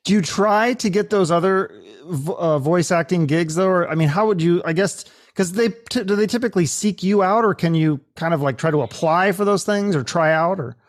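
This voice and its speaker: A man with a high-pitched voice hosts a casual podcast interview. He asks curious, loosely phrased questions and reacts with quick affirmations. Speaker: podcast host.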